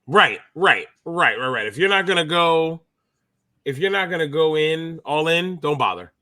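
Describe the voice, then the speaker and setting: A man's voice: fairly high pitch, normal speed. A man in his thirties co-hosting a casual basketball podcast, jokey and easily distracted. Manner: animated, jokey, distracted mid-talk. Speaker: podcast co-host. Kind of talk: casual sports chat.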